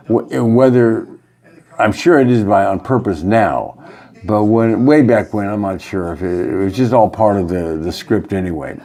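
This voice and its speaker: A man teaching about love and spirituality in a loose, rambling monologue. His voice sits on the low side, and he often stops and fills pauses as he goes. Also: mellow. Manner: halting, rambling, frequent fillers. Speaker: yoga teacher.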